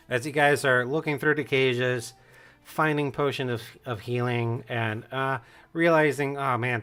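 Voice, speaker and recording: A man's voice: medium pitch, a bit bright. A man narrating a tabletop game as game master in a casual, loose way with fillers.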